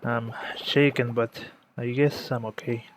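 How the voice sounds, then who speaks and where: A man voicing a remorseful middle-aged father in a video game who apologizes softly to his daughter. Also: mid-range voice, level tone, a little slow, slight background noise, close to an everyday voice. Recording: game music playing behind. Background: game music.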